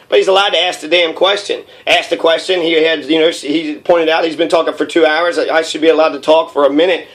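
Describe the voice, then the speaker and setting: A young man delivering a heated, profane political rant, rambling with many fillers. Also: on the high side.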